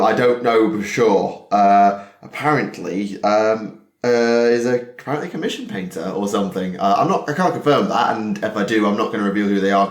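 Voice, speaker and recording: Yorkshire bloke hosting a hobby podcast, rambling and laughing, roomy echo on the mic. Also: male voice, fairly low pitch. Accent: Yorkshire English. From Yorkshire, England. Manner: chatty, laughs often, jumps between anecdotes. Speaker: podcast host, physics teacher. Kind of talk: casual chat. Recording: echoey room.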